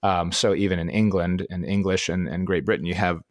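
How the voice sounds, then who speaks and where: A man with a Midwestern American accent chats on a podcast in a rather low voice. He rambles, restarts his sentences and laughs often. The sound is close and dry. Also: fairly even intonation, fairly quick, no echo. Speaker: podcast co-host. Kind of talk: casual chat.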